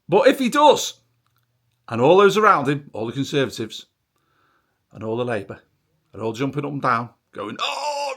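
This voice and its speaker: A man's voice: fairly high pitch, gravelly, sharp tone, husky. A middle-aged man ranting sarcastically in a vlog, swearing freely. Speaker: vlogger.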